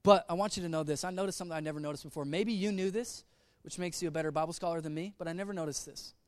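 A man preaching a sermon in a humorous, conversational way, dropping to soft, earnest tones. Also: a little high, very fast, no echo. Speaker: pastor.

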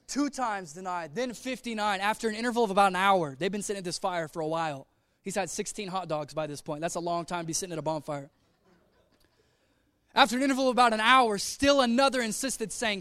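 A man preaching a sermon in a humorous, conversational way, dropping to soft, earnest tones. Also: very high voice, a little fast, dry recording, studio quality. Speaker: pastor.

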